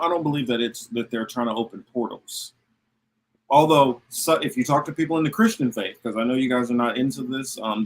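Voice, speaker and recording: A man's voice: mid-range voice, poor audio. A man hosting a casual political talk show, thinking aloud and restarting his sentences as he goes. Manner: animated, repeats and restarts himself. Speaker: podcast host.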